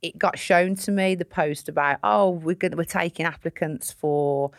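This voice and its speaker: Low-voiced blunt woman, sweary chat. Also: moderate pace, dry recording, studio quality. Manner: blunt, sweary, self-mocking. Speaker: interview guest, comedian. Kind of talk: casual chat.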